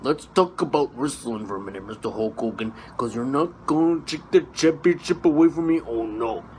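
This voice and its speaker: A hyped-up pro wrestler, as a man puts him on, growls low and then erupts into shouts. He is brash and showy, with a soft hiss underneath. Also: normal speed, natural voice. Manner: growling, wild swings from rasp to yell.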